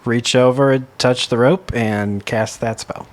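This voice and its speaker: Very low-voiced woman with dry humor. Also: fairly even intonation, unhurried, darkish tone. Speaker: player. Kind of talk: tabletop role-play.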